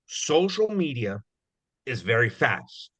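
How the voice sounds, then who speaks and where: A man's voice: mid-range voice, very animated, slow, a bit bright, slightly rough, dry recording. A man giving a casual, rambling talk on recruiting, full of "you know" fillers, acting out little dialogues. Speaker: guest speaker on recruiting. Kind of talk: conversational presentation. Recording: dull, muffled audio.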